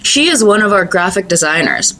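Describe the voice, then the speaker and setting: A woman's voice: medium pitch, very animated, brisk, bright, forceful tone, slight background noise. Playful young woman host. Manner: playful, teasing, laughs often. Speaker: podcast host. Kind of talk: casual podcast interview.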